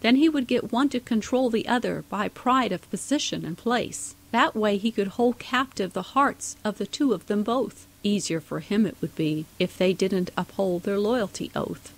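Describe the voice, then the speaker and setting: A woman's voice: medium pitch, normal speed, few pauses, low-quality recording. A woman narrating a rhyming storybook poem in a sing-song delivery.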